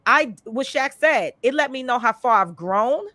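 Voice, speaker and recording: Woman podcast host, candid storyteller, chatty and animated, dry close sound. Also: a little high, normal speed, no echo. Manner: animated, chatty, frequent "you know" and "like". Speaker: podcast host and life coach.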